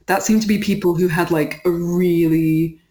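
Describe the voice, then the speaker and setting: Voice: medium pitch, moderate pace. Chatty guest in an interview, lots of likes, kinda echoey room. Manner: chatty and animated, with frequent "like" fillers and laughter. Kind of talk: casual conversational interview.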